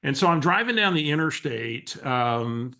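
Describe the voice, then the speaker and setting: Bright-voiced man coaching. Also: mid-range voice, normal speed. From Texas. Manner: animated storyteller who acts out quoted dialogue, with frequent restarts. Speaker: real estate coach. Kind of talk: coaching call storytelling.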